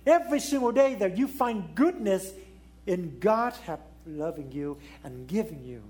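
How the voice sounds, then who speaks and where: A man preaching a sermon in non-native English, swinging between raised exclamations and hushed, low pleading. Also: expressive, unhurried.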